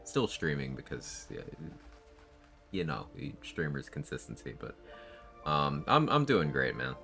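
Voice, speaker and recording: A man with an extremely low voice talks casually over his live game stream. He sounds sleepy and laid-back, laughs easily and swears offhandedly, with faint music playing underneath. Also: a bit bright.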